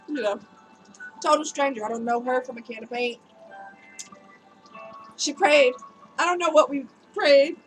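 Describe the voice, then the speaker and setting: A woman's voice: sits high, fairly bright tone, poor audio. A woman vlogger with a cold, telling a personal story to her viewers in a candid, emotional, chatty way. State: has a cold, voice slightly strained.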